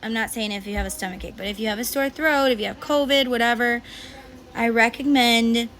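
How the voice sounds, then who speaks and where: A mom vlogger in her thirties with five kids chats casually to camera, rambling and using lots of fillers. Her voice is fairly high and bright with fairly even intonation and a brisk pace. The low-quality recording has noticeable background noise.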